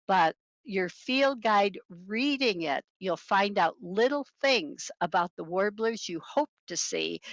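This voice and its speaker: Over dull, lo-fi video call audio, a birding presenter with a lowish, creaky voice and a dry recording speaks from home, wearing headphones. Her online talk is punctuated by sung mnemonics that imitate bird songs.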